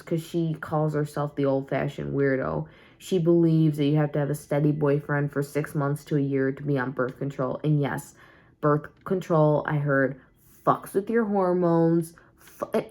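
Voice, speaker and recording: A young woman with a low, slightly mellow voice vlogs casually from home at night, sounding tired and sleepy. She rambles candidly in a confessional style, full of fillers and false starts.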